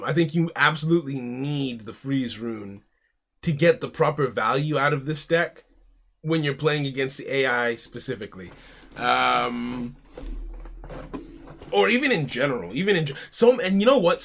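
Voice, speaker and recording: Pitched on the high side with a fairly bright tone, this is a man from the United States livestreaming at home. He keeps things casual, thinking out loud about his card game plays and calling viewers "mate."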